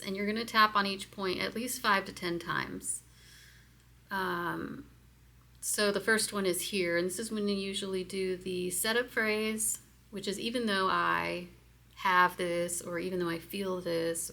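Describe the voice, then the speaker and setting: A woman's voice: on the low side, vocal fry, fairly bright tone. A woman giving a candid, hesitant self-help lesson, with many fillers as she explains step by step. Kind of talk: casual personal instruction video.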